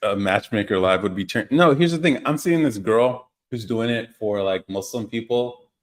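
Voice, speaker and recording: A young man with a low-pitched voice hosts a casual live podcast. He rambles through stories, teases viewers and reacts to their comments with easy laughter. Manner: loose, joking, laughs often, reads out viewer comments. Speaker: podcast host. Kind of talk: casual livestream chat.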